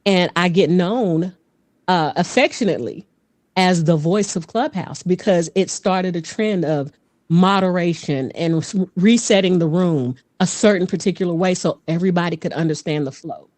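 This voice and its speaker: A woman guest who is a vocal coach and voice actor, telling stories in a lively casual way, often laughing and dropping into voices. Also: fairly low pitch, moderate pace, dry recording. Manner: animated, laughs often, slips into character voices. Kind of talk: casual podcast storytelling.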